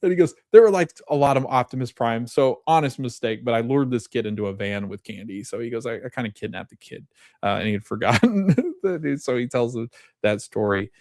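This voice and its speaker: Male podcast host, thirties, mid-pitched, casual recap talk, dry close sound. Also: expressive, a little fast, darkish tone, no room sound. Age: 30s. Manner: chatty, retells scenes with quoted dialogue and laughs often.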